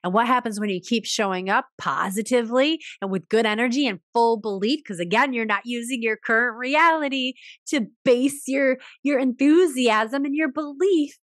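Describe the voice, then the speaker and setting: A woman's voice: moderate pace, few pauses, no room sound, studio quality. A woman hosting a motivational business podcast, telling stories animatedly and acting out conversations. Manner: animated storytelling, acts out dialogue with big pitch jumps. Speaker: podcast host.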